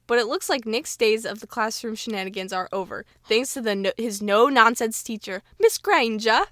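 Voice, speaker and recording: A woman's voice: a little high, normal speed, a bit bright, no echo, studio quality. A woman co-hosting a podcast, reading a children's book aloud with casual banter, giggling and stumbling over words as she goes.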